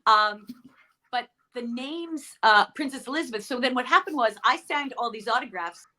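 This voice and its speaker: Middle-aged actress chatting away, kinda high bright voice, keeps restarting her sentences. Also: animated, moderate pace. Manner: chatty, storytelling, self-correcting. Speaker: actress guest. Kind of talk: casual interview chat.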